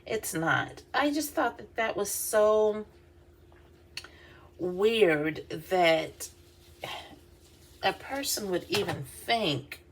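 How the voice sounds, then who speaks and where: A woman's voice: mid-range voice, expressive, very slow, long pauses, a little hiss or hum. A woman vlogger, telling a work story in a casual, chatty way, with lots of fillers and laughs. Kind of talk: casual storytelling while doing her hair.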